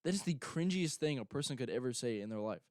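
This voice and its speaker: A man's voice: mid-range voice, animated, fast, darkish tone, no echo, clean studio sound. Young male host, casual rambling chat, filler-heavy, clean voice with no room sound. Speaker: show host.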